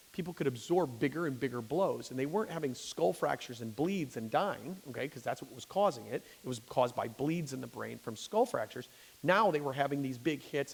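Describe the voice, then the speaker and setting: A physician speaks to a lay audience in a church hall, giving a conversational public lecture. His voice is medium-pitched and gravelly with a breathy edge, and he often restarts sentences and checks in with "okay?". The recording carries a long hall reverb.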